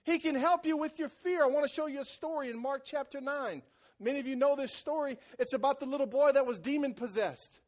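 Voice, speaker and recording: Preaching in church, this male pastor drives points home through repetition, shifting from hushed intensity to loud excitement and back. He speaks fairly quickly in a very high-pitched voice.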